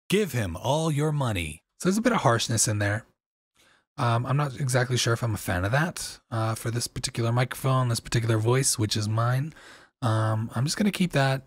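A man with a slight crunch in his voice, explaining audio software in a casual, loose tutorial with plenty of fillers, into a dynamic microphone. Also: medium pitch, dry recording.

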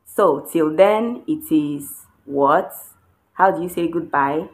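A woman teaching a beginner language lesson, patiently repeating words slowly to show each tone. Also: sits low. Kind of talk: instructional lesson.

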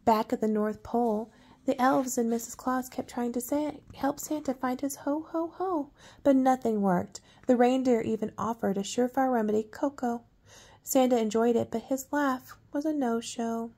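An older woman reading a picture book aloud at bedtime, with soft, coaxing asides to a child. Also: a little high, moderate pace, slightly rough. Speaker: storyteller.

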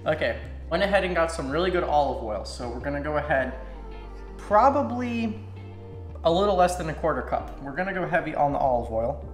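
A man's voice: a little high, moderate pace, long pauses. Slovak guy doing a cooking vlog in his kitchen, chill, echoey room, music under it. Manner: relaxed, talks viewers through each step. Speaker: cooking channel host. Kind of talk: casual cooking demonstration. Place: home kitchen. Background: background music, clinking dishes.

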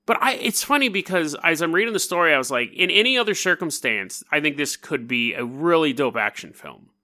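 A man hosting a casual storytelling podcast, talking in an animated, jokey and digressive way. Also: fairly high pitch, brisk. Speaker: podcast host.

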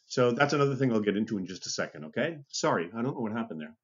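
Guy lecturing, lively up-and-down voice, keeps saying okay right, kinda muffled lo-fi recording. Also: medium pitch, rapid-fire, husky. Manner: conversational, checks in with "okay?" and "right?"; restarts and self-corrections. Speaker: university instructor.

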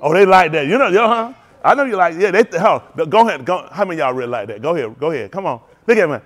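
Teasing pastor with a Black drawl. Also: male voice, a little high, animated, rapid-fire. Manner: playful, teasing, drawling street slang. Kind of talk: loose joking sermon talk to a congregation.

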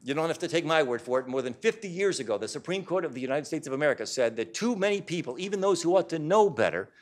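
A man's voice: a little high, animated, fast talker. A man giving a public talk to a live audience in a hall, speaking in an emphatic, insistent way.

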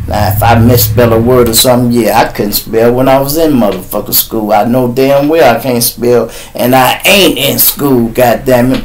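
Male host in his fifties, Chicago accent, mid-pitched, loose profane live-stream storyteller. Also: a little slow, rough recording. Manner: profane, rambling storytelling with bursts of mimicked shouting. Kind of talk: casual live-stream monologue.

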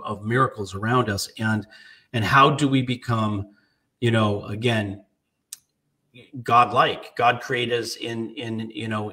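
A man in his late fifties co-hosting a podcast, speaking haltingly with many restarts and close to tears. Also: lowish voice, a bit bright, distant mic. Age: 50s. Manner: halting, many restarts, tearing up as he tells a story. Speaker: podcast co-host. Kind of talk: casual podcast chat.

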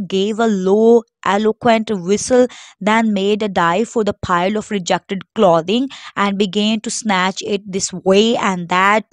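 A woman's voice: mid-range voice, dry recording. A woman teacher reading a story aloud to students, stopping to explain difficult words. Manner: steady reading, pausing to gloss words.

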